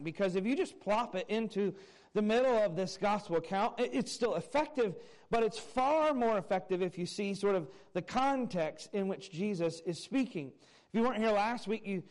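A man preaching a sermon from a church pulpit, conversational and folksy, telling stories to the congregation. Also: high-pitched. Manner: conversational, folksy storytelling with fillers. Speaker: pastor. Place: church sanctuary.

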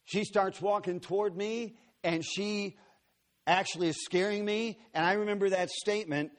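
Male preacher, sermon storytelling, earnest and dramatic, fairly high voice, big auditorium. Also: fairly even intonation, normal speed. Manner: dramatic, earnest retelling with acted-out quotes. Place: large auditorium.

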